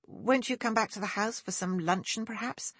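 A woman voicing a polite, gracious young lady who speaks gently and formally, in an audiobook. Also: mid-range voice, moderate pace, slightly rough, no echo, pitched above the performer's own voice. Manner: gentle, well-mannered and formal. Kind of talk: audiobook character voice.

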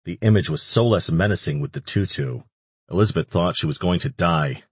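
A man narrating an audiobook in a measured, even reading. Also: low voice, breathy edge, dry recording. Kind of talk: scripted narration.

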